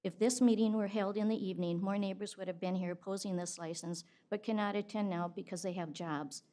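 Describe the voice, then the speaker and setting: A woman's voice: medium pitch, steady tone, a little fast, warm tone. A woman reading a prepared public comment as a resident, earnest and pleading.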